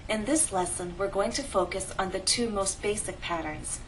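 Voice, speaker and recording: A woman teaching an English pronunciation lesson, speaking clearly and deliberately. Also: mid-range voice, slight background noise, low-quality recording. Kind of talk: scripted lesson narration.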